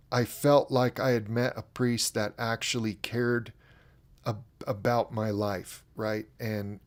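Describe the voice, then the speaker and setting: A man's voice: fairly low pitch, gravelly. A man hosting a livestream broadcast, telling a candid personal testimony with frequent restarts and fillers. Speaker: broadcast host.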